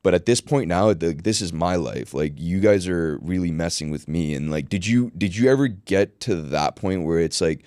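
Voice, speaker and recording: A man's voice: sits low, expressive, brisk, few pauses, a little mellow, dry recording, studio quality. A man hosting a podcast, talking bluntly and casually, swearing freely and saying "like" and "dude" a lot. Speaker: podcast host. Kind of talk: casual conversational interview.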